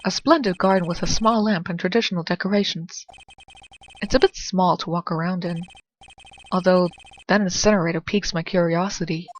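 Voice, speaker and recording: A woman's voice: on the low side, a little fast. A woman giving casual, dry, sarcastic commentary while playing through a game and reading its dialogue. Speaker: let's play narrator.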